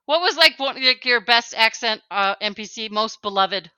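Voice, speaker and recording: A woman's voice: fairly high pitch, animated, normal speed, bright, forceful tone, clean tone, no room sound. A woman co-hosting a podcast in casual chat, teasing and laughing often. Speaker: podcast co-host.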